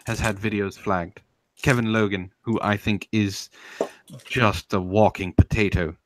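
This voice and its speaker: Hosting a live stream, a man taunts and confronts as he rants and answers chat, admitting he's getting heated. His lowish voice is a bit bright, with slight background noise.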